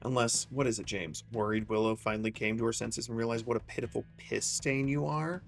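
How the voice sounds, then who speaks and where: A man's voice: medium pitch, steady tone, a little fast, vocal fry, lightly acted. A man reading the lines of a bitter, sarcastic record store owner and former musician in a game. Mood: contemptuous. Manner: sarcastic, contemptuous.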